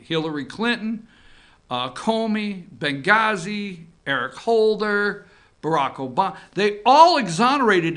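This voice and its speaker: A man hosting a political opinion show with a rather high, bright voice. He talks in a sarcastic, animated way, his pitch jumping all over the place. Loud bursts give way to low muttering. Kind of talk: casual political commentary.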